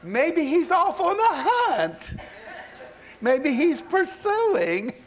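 A man voices a mocking prophet who jeers at his rivals in loud, raised tones. He laughs through his taunts and eggs them on. His voice sits higher than a usual man's speaking pitch. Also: normal speed, vocal fry.

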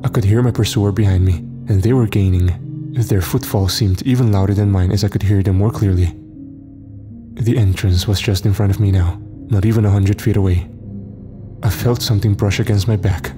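A man's voice: fairly low pitch, warm tone. A man narrating a horror story in a tense, suspenseful scripted reading. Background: faint music.

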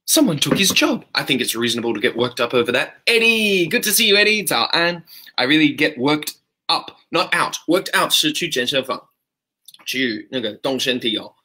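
Bright, upbeat male English teacher. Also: on the high side, big pitch swings, moderate pace. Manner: upbeat, greets and praises viewers by name, switches between English and Mandarin. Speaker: English teacher and live-stream host. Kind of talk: live-streamed English lesson.

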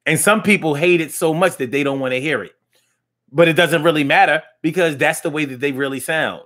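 A man's voice: a little high, brisk, fairly bright tone. A man hosting a casual live-stream talk show, chatting loosely with slang and lots of restarts, reading viewer comments aloud.

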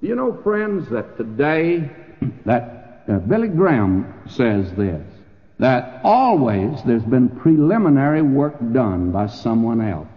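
A man's voice: medium pitch, big pitch swings, slow pace. An older man preaching a sermon in a church, folksy in manner and rising to emphatic peaks. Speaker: pastor. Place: church sanctuary. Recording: lo-fi phone-like old radio recording with long hall reverb.

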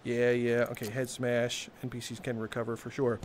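A man live-streaming a game, joking with his chat, with bursts of laughter and loud theatrical exclamations. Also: medium pitch, completely flat delivery, moderate pace, a little hiss or hum.

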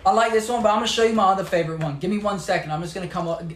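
A man's voice: sits high, very fast. A young man from England with a British accent hosts a casual live stream, chatting upbeat, showing off clothes and gadgets and answering viewer comments. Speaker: livestream host. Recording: echoey room with faint background noise.

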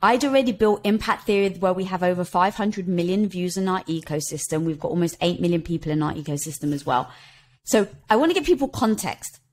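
Lively, animated woman telling stories. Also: on the low side, fairly quick. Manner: expressive, laughs while telling stories, quotes herself. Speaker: podcast guest, author. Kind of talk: animated conversational storytelling.

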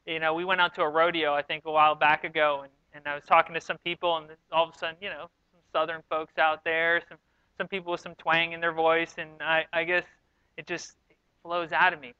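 A man from New York giving a sermon as pastor, telling stories in a relaxed, self-deprecating way. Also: on the high side, a little fast, clean tone, no echo, dull audio. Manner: conversational, self-deprecating storytelling. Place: church sanctuary.

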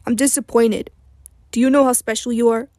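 A woman's voice: on the high side, fairly even intonation, fairly quick, mellow, no echo, clean studio sound, natural voice. Woman reading as a disappointed older mentor. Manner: earnest, pressing questions. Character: older male mentor, earnest, disappointed and pleading.

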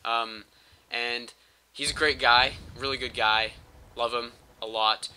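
Man with a cold, very bright piercing voice, rambling gameplay commentary, crude jokes, home mic. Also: mid-range voice, steady tone, slow, a little hiss or hum. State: sick with a cold. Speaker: gaming channel host.

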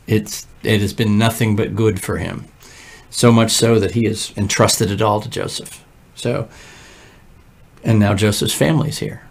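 Conversational pastor unpacking scripture. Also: male voice, on the low side, measured pace, vocal fry. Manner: conversational, lively asides, frequent "right?" check-ins. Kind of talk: morning prayer Bible reading and commentary. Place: church.

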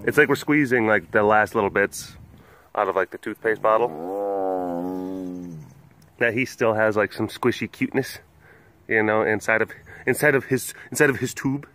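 A man's voice: on the low side, normal speed, long pauses, fairly bright tone. A man keeping big cats at an animal facility, chatting casually and cooing at them in gushing baby talk. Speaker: big cat keeper and video host. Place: outdoors at a wild animal facility.

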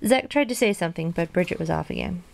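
A woman reading a children's storybook aloud in a plain, gentle way, dropping in casual asides. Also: on the low side, animated, fast, vocal fry, noisy background. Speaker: storybook reader.

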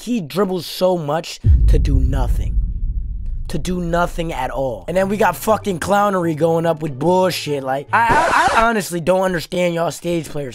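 Hyped trash-talking young guy, high voice. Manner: hyped trash-talking, profane, playful roasting. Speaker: gaming YouTuber. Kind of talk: gameplay commentary. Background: background music.

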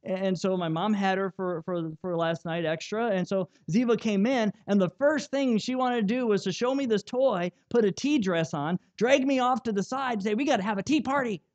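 A young man preaching a sermon as pastor, telling stories with animated, self-mocking energy and frequent restarts. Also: sits high, normal speed, hardly any pauses, lo-fi sound.

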